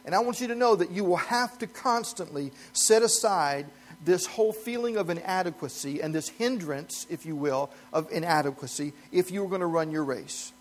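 A man pastor delivering a sermon in an earnest, emphatic preaching manner, chuckling lightly now and then. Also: high voice.

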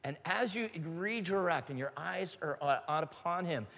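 A man's voice: fairly high pitch, animated, normal speed, vocal fry, a bit bright. An older man preaching a sermon and leading prayer, earnest and fervent, with a grandfather's storytelling ease. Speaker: pastor. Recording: live hall reverb with music.

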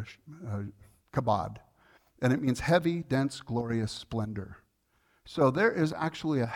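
A male pastor preaching a sermon in a conversational, earnest way, telling a personal story with fillers and restarts, and growing soft and quiet in tender moments. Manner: softens and lowers his voice in tender moments.

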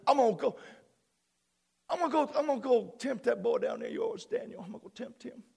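A man voicing a scheming male devil in a quiet, sly mutter. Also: very high-pitched, lively intonation, brisk, gravelly, husky, full character voice. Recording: long hall reverb.

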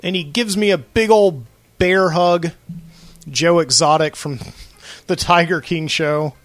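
A podcast host talks alone in his studio, spinning a loose story full of filler words. His voice is bright and a touch high. The sound is dry, with faint music underneath. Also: measured pace, dry recording. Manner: rambling storyteller, lots of fillers. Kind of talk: late-night solo monologue.

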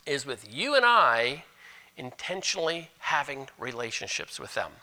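A man preaching a sermon as pastor, animated, moving between loud emphasis and hushed asides. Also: on the high side, unhurried.

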